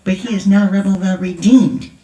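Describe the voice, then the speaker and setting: A woman's voice: medium pitch, moderate pace, dark tone. An older woman, a grandmother, speaking at a conference in a chatty, laughing storytelling manner. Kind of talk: storytelling testimony. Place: large church hall. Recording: echoey hall, voice from far off.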